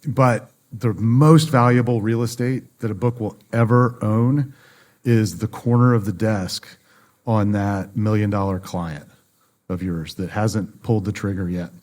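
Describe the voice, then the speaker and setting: A man with a fairly low voice talks easily on a podcast, recorded at a conference. He tells business stories and acts out the voices of the people in them. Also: fairly even intonation, a little slow, a little mellow. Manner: storytelling, acts out quoted dialogue. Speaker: book publishing guest. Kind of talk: conversational podcast interview. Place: conference venue.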